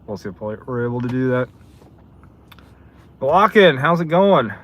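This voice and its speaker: A man's voice: mid-range voice, animated, a little slow, a bit bright. A man in his seventies chatting casually on a livestream while driving deliveries, greeting viewers by name. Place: in a car.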